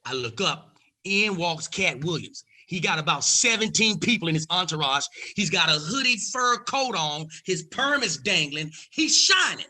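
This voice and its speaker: A man from the United States, a comedian guest, telling a lively story and acting out each voice. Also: high-pitched, moderate pace, low-quality recording. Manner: lively, acts out every voice. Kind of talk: animated storytelling.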